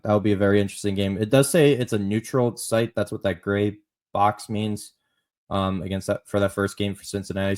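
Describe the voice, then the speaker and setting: A man with a fairly low voice hosts a solo college football podcast. He talks in a loose, conversational way, circling back over his phrases, and leans in hard when he hypes up a player. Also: a little mellow. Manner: conversational, repeats and restarts phrases, emphatic on praise. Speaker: podcast host.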